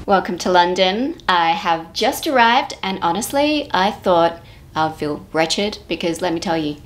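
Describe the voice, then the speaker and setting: A woman in her thirties with a slightly low voice narrates a casual vlog. She talks in a chatty, easygoing way and tosses in playful little jokes as she goes. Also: expressive, measured pace, a little hiss or hum. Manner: chatty, with playful joking asides. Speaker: vlogger.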